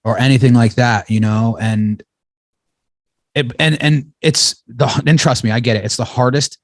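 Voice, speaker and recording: A man's voice: medium pitch, fairly even intonation, normal speed, no room sound. A man talking as a podcast guest, rambling and swearing freely, laughing often. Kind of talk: casual podcast conversation.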